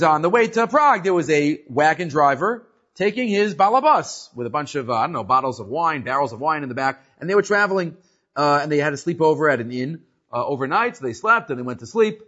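A man teaching a casual religious class, telling a story with lively energy. His voice sits a little high, and he often restarts mid-sentence. The recording is muffled and lo-fi. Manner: animated storyteller with frequent restarts. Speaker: Torah teacher.

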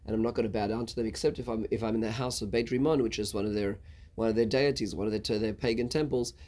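A man retelling the words of a proud, indignant army commander in his own plain, fairly low voice. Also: fairly even intonation, fast talker, darkish tone, natural voice. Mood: earnest. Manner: retold in a plain speaking voice.

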